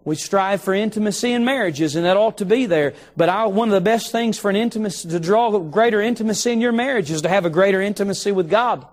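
High-voiced preacher telling a story. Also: male voice. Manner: storytelling, slows for emphasis on key phrases. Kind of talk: sermon. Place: church sanctuary.

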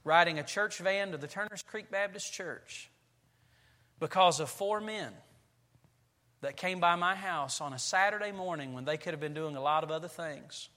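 A man in his forties, a pastor preaching a sermon in a church sanctuary and telling family stories with lively, acted-out delivery. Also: a little high, moderate pace, big-room sound. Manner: animated storytelling preacher, acting out family scenes.

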